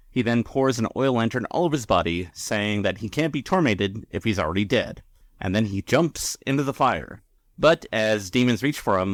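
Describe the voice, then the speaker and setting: A man's voice: fairly low pitch, no echo. Easygoing man recapping, dry sound. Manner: rambling, filler-heavy. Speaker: podcast co-host. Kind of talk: casual episode recap.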